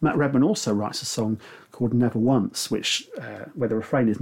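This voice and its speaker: A man's voice: mid-range voice, normal speed, creaky, a little mellow, slightly rough. A middle-aged man giving a reflective sermon, with frequent fillers and restarts. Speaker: preacher. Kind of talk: sermon talk.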